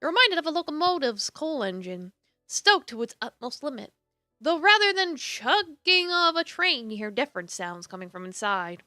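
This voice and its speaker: A woman streamer reading a visual novel aloud with expressive narration, broken up by casual asides and laughter. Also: high-pitched, moderate pace, no echo, studio quality, faint music behind.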